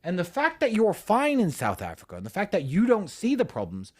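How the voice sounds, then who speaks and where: A man answering audience questions in an emphatic monologue, talking in an animated way with sharp swings for emphasis. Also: sits high, brisk. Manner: mimics critics' voices.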